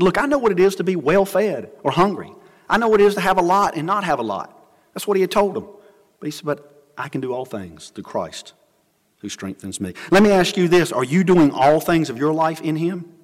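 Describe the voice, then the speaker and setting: Earnest male preacher in a reverberant hall. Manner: earnest preaching, dropping low and soft for scripture and stories. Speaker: pastor. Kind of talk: sermon. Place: church sanctuary.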